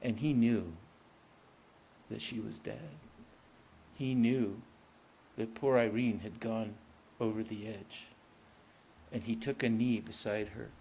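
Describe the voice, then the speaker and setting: A man, an author, reading his own story aloud at a live literary event in measured, deliberate narration. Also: on the low side, steady tone, vocal fry, darkish tone, a little hiss or hum, low-quality recording.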